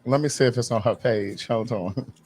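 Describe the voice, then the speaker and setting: A man's voice: medium pitch, moderate pace, a little mellow, breathy edge. A man hosting a casual chat, sassy and strongly opinionated. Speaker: host.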